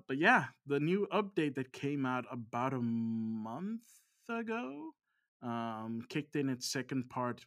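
A man co-hosts a casual gaming podcast, his voice sitting at an ordinary middle pitch. He rambles along, trailing into ums and restarting his sentences. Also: a bit bright. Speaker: podcast co-host.

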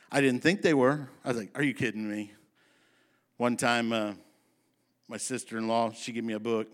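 A man preaching a sermon to his congregation in a folksy, emphatic style, slowing down to read scripture and speeding up for asides. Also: mid-range voice. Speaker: pastor.

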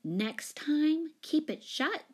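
A woman's voice: fairly high pitch, animated, moderate pace, voice pushed up. A woman reading a storybook, voicing a bossy older girl who scolds loftily and sharply. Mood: scolding.

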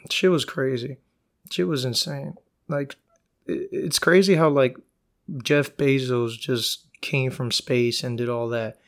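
A man hosting a solo podcast, telling stories in a profane, rambling way. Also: medium pitch. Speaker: podcast host. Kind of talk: casual solo podcast monologue.

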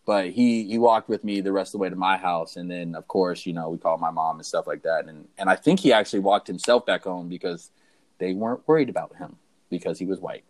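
Low-pitched and fairly quick, a young man co-hosting a podcast shares a story in easygoing conversation. He tells it with animation, voicing the different people in the tale.

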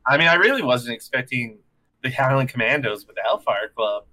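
Bright-voiced guy recapping a comic with a buddy, doing the characters' lines. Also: medium pitch, fairly quick. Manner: animated, acts out characters' lines while recapping. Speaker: comic book podcast co-host. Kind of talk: casual chat recapping a comic.

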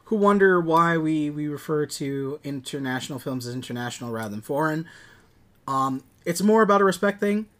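A man with a slightly high, fairly bright, expressive voice talks at a moderate pace as a podcast co-host. The chat is casual, and he's rambling and enthusiastic, full of fillers.

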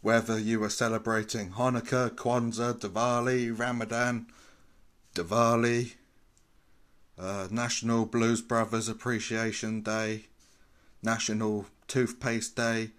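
Slow-talking rambling man. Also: lowish voice, flat delivery, a bit bright. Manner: rambling, self-mocking, tongue-tied wordplay. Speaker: podcast host. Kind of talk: casual solo podcast chat.

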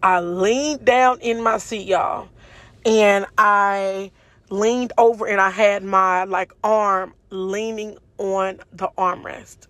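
A woman's voice: medium pitch, fairly even intonation, slow, fairly bright tone, no echo. Woman telling her story to viewers, lots of ums and you knows, emotional, dry close sound. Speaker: storyteller recounting a car crash. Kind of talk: casual testimony to viewers.

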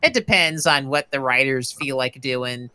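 A man's voice: medium pitch, normal speed, bright, forceful tone, clear, resonant tone. A man co-hosting a comedic movie podcast, rambling and joking with many fillers. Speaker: podcast co-host. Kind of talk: casual comedic movie chat.

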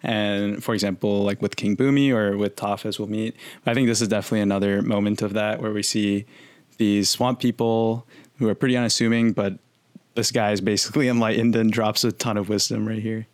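Low-voiced man recapping a show. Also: steady tone, fairly quick, no room sound. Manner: conversational, loose with fillers. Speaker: podcast co-host. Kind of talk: casual episode recap chat.

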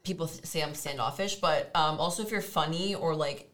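A young woman from Canada in casual chat, talking in halting phrases full of "like". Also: low voice, a bit bright, slight background noise. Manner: hesitant, halting phrasing with many "like"s.

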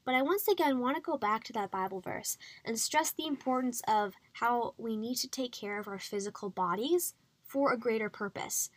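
A woman's voice: on the high side, moderate pace, no echo. A young adult woman hosting a podcast, chatty and encouraging, with frequent fillers. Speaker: podcast host. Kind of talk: faith-based health podcast monologue.

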